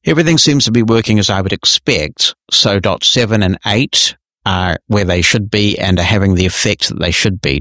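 A podcast host with a fairly low, fairly bright voice works through listener emails, answering in a measured, friendly, explanatory way. The sound is dry and close, with no room echo.

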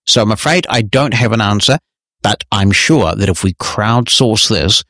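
A man's voice: fairly low pitch, moderate pace, a bit bright, no echo, studio quality. A man hosting a technology podcast, answering listener emails in a conversational, explanatory and lightly wry way. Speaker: podcast host.

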